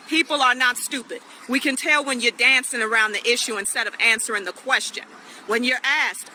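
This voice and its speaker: A man's voice: extremely high pitch, bright, forceful tone, a little hiss or hum, poor audio. A man delivering a blunt, scolding political rant straight to the camera, repeating his points. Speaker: political commentator.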